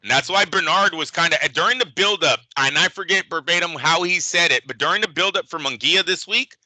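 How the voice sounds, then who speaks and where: A man co-hosting a boxing podcast, talking casually in an animated, profane, emphatic way. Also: a little high, fairly quick, no room sound, poor audio. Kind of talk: casual sports chat.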